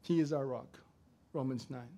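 A middle-aged man preaching a sermon, swinging from loud to soft as he tells a story. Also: mid-range voice, moderate pace. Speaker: pastor.

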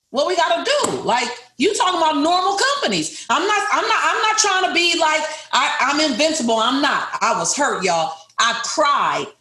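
A woman's voice: high-pitched, very animated, normal speed, sharp tone. A middle-aged woman, a business owner, telling a personal story to a group in an emphatic, repetitive way and speaking straight to her listeners. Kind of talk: motivational storytelling. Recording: roomy echo.

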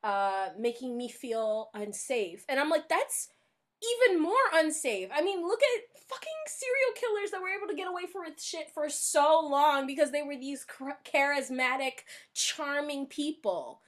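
A young woman co-hosting a casual book discussion, animated and sarcastic, laughing often. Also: high voice, moderate pace, few pauses. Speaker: podcast co-host.

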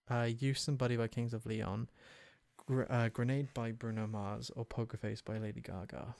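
A man's voice: medium pitch, vocal fry, a little mellow, no echo. A young man chatting casually and self-mockingly, reciting song lyrics half-spoken as he guesses them. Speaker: video host. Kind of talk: casual chat.

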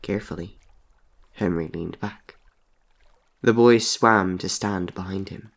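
A man narrates a story in a low-pitched, measured voice. He keeps his reading even and often drops to a soft delivery. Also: gravelly.

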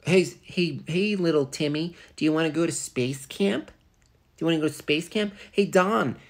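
A man's voice: fairly high pitch, moderate pace, voice pushed up, lightly acted. A man putting on an eager, pushy parent who wheedles and asks for a favor.

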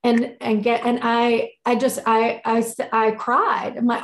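A woman's voice: on the high side, flat delivery, a little slow. A woman co-hosting a casual chat, telling a story with feeling and often restarting her phrases. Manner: emotional, repeats and restarts phrases. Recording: roomy echo.

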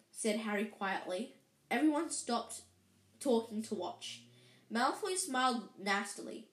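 Lady reading a kids book out loud, trips over words, echoey room. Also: a little high, normal speed. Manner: lively, with frequent slips and restarts. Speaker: reader. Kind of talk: reading a children's book aloud. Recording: roomy echo.

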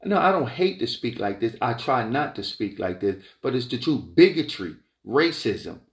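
A man giving a rambling opinion monologue, emphatic and repetitive, wandering off on tangents and climbing high in pitch when he gets heated. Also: big pitch swings, moderate pace. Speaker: entrepreneur vlogger. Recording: roomy echo.

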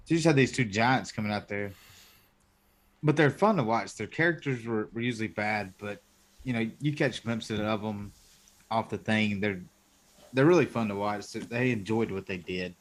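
A man's voice: on the low side, normal speed. A man joining a casual chat, easygoing and musing.

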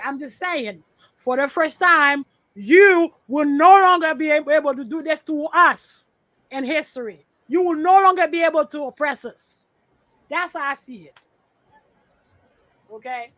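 A woman's voice: sits high, a bit bright, dry recording. A woman guesting on a podcast over a remote call, talking bluntly with profanity and repeating her points. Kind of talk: casual podcast chat.

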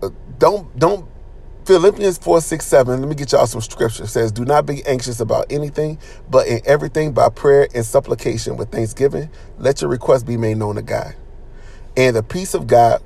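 A man's voice: fairly high pitch, creaky. A man giving an informal sermon in an earnest, conversational way, with slang and lots of repetition. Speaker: preacher.

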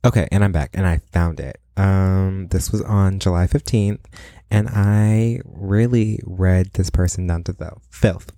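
A man's voice: sits low, fairly even intonation, a little slow, warm tone, dry recording, studio quality. A young man hosting a solo podcast in a casual, rambling way, playfully boastful and full of dramatic asides. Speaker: podcast host.

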